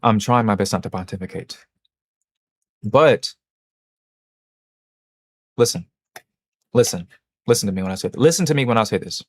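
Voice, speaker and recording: A man's voice: lowish voice, expressive, moderate pace, pauses often, no room sound, clean studio sound. Rambling, joking male livestreamer. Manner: rambling, joking and self-mocking, many restarts. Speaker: livestream host. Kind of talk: casual livestream chat, reading and answering chat.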